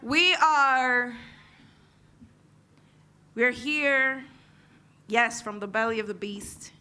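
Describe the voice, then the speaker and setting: High, bright-voiced woman giving a fiery speech. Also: very slow. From United States. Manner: fiery, leads chanted call and response. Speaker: invited panel speaker and organizer. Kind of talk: impassioned political speech.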